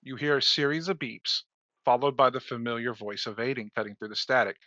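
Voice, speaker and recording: Bright-voiced male game master, halting. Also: mid-range voice, dry recording, dull audio. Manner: relaxed, hesitant with fillers. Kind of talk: narrating a tabletop game. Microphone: online call.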